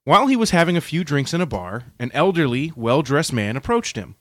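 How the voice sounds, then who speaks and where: A man reads a story aloud on a podcast, his pitch swinging up and down as he gives the quoted lines little voices. The sound is close and dry, with no room echo. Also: very animated, a little fast, fairly bright tone. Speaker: podcast co-host. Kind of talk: casual chat and story reading.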